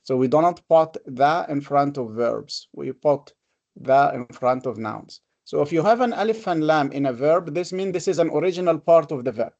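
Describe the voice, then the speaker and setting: A man's voice: on the high side, lively intonation, normal speed, creaky, darkish tone, lo-fi sound. A man teaching a classroom lesson on Quranic reading. He talks patiently, explains step by step and repeats his examples. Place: classroom with a board.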